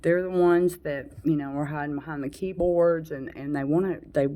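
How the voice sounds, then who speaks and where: A woman's voice: low-pitched, steady tone, moderate pace, warm tone. A woman in her late forties venting frankly to camera in a rambling monologue, with blunt swearing and heavy sighs. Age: 40s. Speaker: vlogger.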